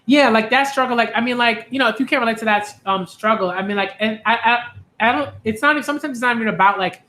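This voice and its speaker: A man's voice: very high-pitched, quick pace, sharp tone. A young man from Queens, talking casually to camera in a rambling way, full of "like" and "um" and restarts. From Hollis, Queens, New York. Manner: rambling, many fillers and restarts. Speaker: anime and manga video host.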